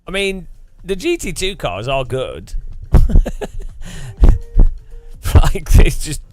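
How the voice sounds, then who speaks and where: A man's voice: on the high side, big pitch swings, slow, soft background music. A man streaming live and chatting casually, rambling and joking and laughing often.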